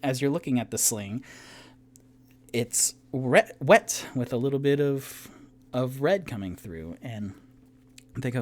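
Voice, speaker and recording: A man acting as game master, narrating a solo tabletop game in loose, halting descriptions. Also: medium pitch, lively intonation, a little mellow.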